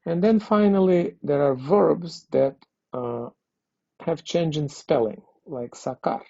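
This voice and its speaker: Speaking slowly in a fairly high, warm voice with vocal fry, this man walks students through grammar in a language lesson. He's patient, going over points again and asking "okay?" often to confirm they follow. The audio is dry, dull and lo-fi, without echo.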